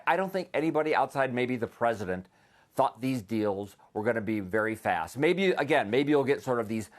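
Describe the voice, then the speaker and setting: An American man, an economic policy analyst, answering questions in a live TV news interview with frequent restarts and fillers. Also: medium pitch. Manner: hesitant, many restarts and fillers.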